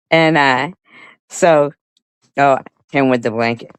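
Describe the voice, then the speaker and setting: A woman's voice: very deep voice, very slow, smooth, no echo. A woman vlogger casually telling a rambling story, swearing and laughing often.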